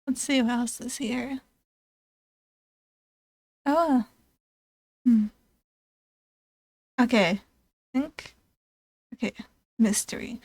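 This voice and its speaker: A woman's voice: a little high, slow, pauses often, a little mellow, no echo. A young woman streaming a browser game, chatting casually and reading its text aloud with frequent giggles and stumbles.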